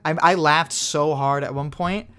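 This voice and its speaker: A man's voice: fairly high pitch, steady tone, unhurried, bright, forceful tone, clean tone. A young man co-hosting a podcast, rambling in casual chat with lots of "like" fillers and casual swearing. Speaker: podcast co-host.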